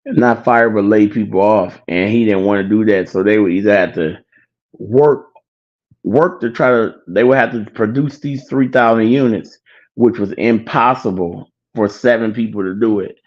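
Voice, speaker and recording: A man casually retelling a movie plot, a little wheezy and out of breath, now and then acting out lines in a high excited voice. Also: normal speed. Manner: animated storyteller, acts out quotes in a high excited voice. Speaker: online show host. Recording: dull lo-fi sound.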